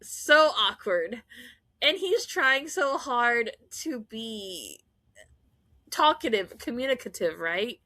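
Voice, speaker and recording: Bright-voiced gushing woman podcaster. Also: fairly high pitch, takes it slowly, no room sound. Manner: animated, gushing, laughs often. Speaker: podcast host. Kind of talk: casual fan recap.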